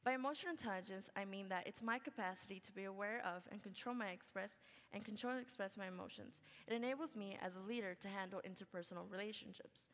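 A woman's voice: medium pitch, fast, a bit bright. Upbeat young woman presenting in a hall. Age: young adult. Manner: upbeat, chatty, fillers like "like" and "okay". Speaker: student presenter. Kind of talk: senior project presentation. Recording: long hall reverb.

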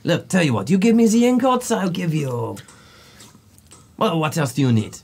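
A man voicing a gruff, heavyset male blacksmith in a thick put-on accent with broken phrasing, in a tabletop game. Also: fairly high pitch, very animated, normal speed, a little mellow, exaggerated voice. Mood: haggling.

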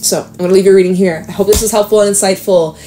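A woman giving a casual tarot reading to camera, excited, emphatic and reassuring, with slangy asides. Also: mid-range voice, fast, soft background music. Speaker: tarot reader.

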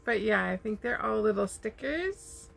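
A woman's voice: medium pitch, animated, vocal fry, a bit bright. A woman chatting casually as she unboxes gifts in her RV, gushing over each item. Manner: gushing, slow, lingering on her words. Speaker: vlogger. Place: home in an RV.

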